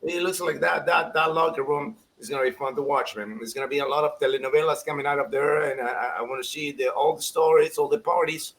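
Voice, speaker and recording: Guy, fairly high voice, lively soccer chat, laughs a lot, faint hiss behind. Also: poor audio. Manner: animated, laughing storyteller, acts out quotes. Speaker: guest soccer pundit. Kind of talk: casual podcast chat.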